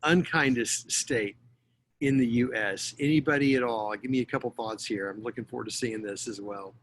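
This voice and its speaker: A man's voice: mid-range voice, normal speed, a little hiss or hum. A middle-aged man from Texas giving an online lecture, chatty and jokey with lots of fillers. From Texas, USA. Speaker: guest lecturer. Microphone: video call.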